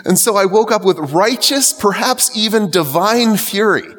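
A man's voice: high-pitched, normal speed, a bit bright. A young man preaching a sermon as a priest, conversational and wry, acting out the quotes he tells. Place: church. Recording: reverberant church hall.

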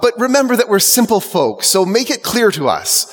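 A man's voice: sits high, big pitch swings, moderate pace, in a large hall, voice pushed up. A man voicing earnest, simple male cartoon potato farmers who plead for an explanation.

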